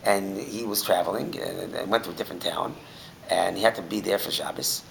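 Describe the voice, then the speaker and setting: A man teaching a Torah class, telling stories in an animated way that swings from shouting to a near whisper. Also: low voice, a little fast, gravelly, a little hiss or hum, low-quality recording.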